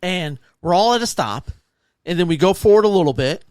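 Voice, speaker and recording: A man's voice: high-pitched, fairly quick, clear, resonant tone, no echo, clean studio sound. A man co-hosting a casual podcast, telling stories and acting out the people in them. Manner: animated anecdotes acting out quoted people. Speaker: podcast co-host. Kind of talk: casual chat, storytelling.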